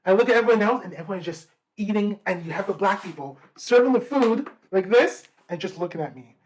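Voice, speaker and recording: A young man co-hosting a podcast, casually telling a story in a rambling, animated way with slang and fillers. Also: sits high, a little fast, a little hiss or hum, poor audio. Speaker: podcast co-host.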